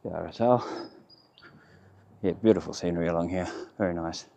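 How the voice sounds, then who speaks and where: A low-voiced man strolls outdoors, narrating his town in loose, self-correcting fragments. His delivery is casual and wandering, with a faint outdoor hiss and insects in the background. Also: normal speed, gravelly, dark tone, muffled recording. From Australia. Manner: rambling, chatty, self-correcting, speaks in short fragments. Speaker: vlogger giving a walking tour of his town. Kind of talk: casual walking-tour commentary. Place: outdoors on town streets by a river.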